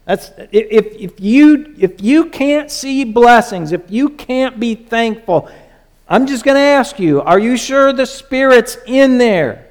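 A man preaching a sermon, moving between hushed, soft lines and raised, urgent pleading. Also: very high-pitched, expressive, slow pace. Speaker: pastor.

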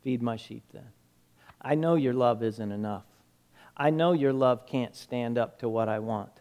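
A male preacher voicing a gentle teacher who questions a friend quietly. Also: very animated, very slow, in a large hall, full character voice. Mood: tender. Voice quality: soft, low and hushed. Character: gentle searching male teacher, grown man.

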